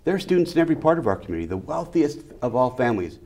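A man's voice: mid-range voice, sing-song, very fast, darkish tone. A middle-aged man, an educator, speaking in an interview and stressing his points in repeated, rhythmic lists. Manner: emphatic, repeats key phrases in rhythmic lists. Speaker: educator and school leader. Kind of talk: interview conversation.

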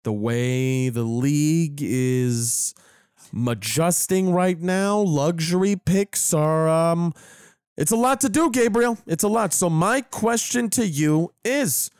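A fairly high-voiced man chatting casually about sports on a podcast. He sounds animated, laughs a lot and stumbles over his restarts. The sound is close and dry. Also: takes it slowly, clear, resonant tone, no echo. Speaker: podcast co-host.

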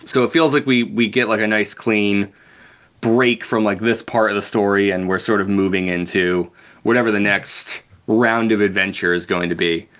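Laid-back low-voiced man recapping a book. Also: steady tone, normal speed, fairly bright tone. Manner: laid-back, profane recap with many fillers. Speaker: podcast co-host. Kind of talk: casual book-club chat.

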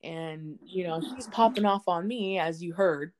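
A woman co-hosting a podcast from home, telling a story in casual chat, animated and profane, acting out the quotes. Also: on the low side, measured pace, poor audio. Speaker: podcast co-host. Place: home, indoors.

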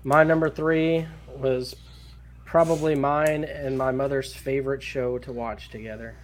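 A man's voice: mid-range voice, little pitch movement, a little slow. A man co-hosting a podcast, talking enthusiastically and swearing freely in casual chat. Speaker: podcast co-host.

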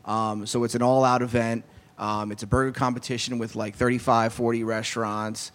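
A man chatting as a guest on a talk show, laid-back and filling pauses with "um" as he describes an event. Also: medium pitch, little pitch movement. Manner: laid-back, with lots of fillers. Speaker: guest promoting a charity event. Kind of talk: casual chat.

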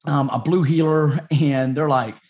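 New guy telling his story on a podcast, rambly, restarts a lot, kinda high voice. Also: fairly even intonation, a little slow, a little mellow. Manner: rambling, chatty, many restarts. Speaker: dog trainer, podcast guest. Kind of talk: casual storytelling interview.

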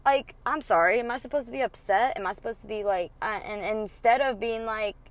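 A woman's voice: fairly high pitch, fairly quick. Blunt, foul-mouthed woman podcast host. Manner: blunt, profane, animated retelling with quoted voices. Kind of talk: casual solo podcast storytelling.

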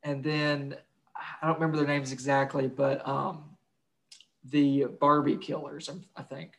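A man's voice: on the high side, flat delivery, a little slow, creaky. A young man co-hosting a casual podcast, crude and joking, swearing freely. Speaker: podcast co-host.

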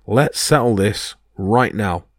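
A man's voice: on the low side, takes it slowly, no room sound, studio quality. A man voicing a hulking male giant who hates gods, bellowing and mocking. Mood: furious.

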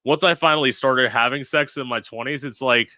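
Young guy telling his story straight, swearing, bright voice, super dry. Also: mid-range voice, a little fast, no echo. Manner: candid, dramatic, profane. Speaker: guest.

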